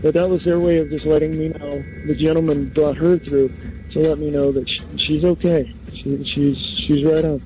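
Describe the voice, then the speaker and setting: A man's voice: on the high side, level tone, normal speed, warm tone, soft background music, poor audio. A man acting as a psychic medium on a call-in radio show, hesitant, with many fillers and restarts.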